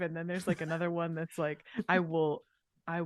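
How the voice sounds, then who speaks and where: A woman's voice: fairly low pitch, steady tone, normal speed, no echo. A woman co-hosting a podcast, chatting casually and easily, often laughing. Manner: laughing, easygoing. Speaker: podcast co-host. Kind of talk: casual comedic chat.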